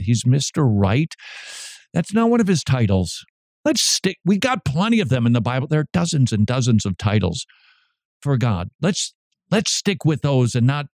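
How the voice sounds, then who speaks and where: A man's voice: medium pitch, darkish tone, dry recording, clean studio sound. A man hosting a daily Christian commentary show, talking in a wry, conversational way with sarcastic asides. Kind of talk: casual commentary.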